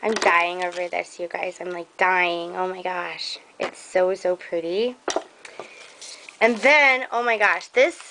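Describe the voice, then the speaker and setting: A woman's voice: on the low side, steady tone, sharp tone, slight background noise, poor audio. A young woman showing off craft gifts on camera, gushing and effusive about everything. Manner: gushing and effusive, slow and drawn out. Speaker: crafting vlogger. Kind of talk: casual show-and-tell unboxing.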